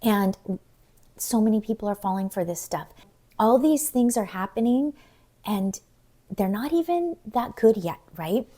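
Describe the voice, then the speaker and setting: A middle-aged woman talks casually to her viewers in a chatty, rambling way. She slips into little acted voices when she quotes texts. Her pitch sits in the middle range. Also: lively intonation, a little slow, dark tone. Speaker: vlogger. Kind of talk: casual chat.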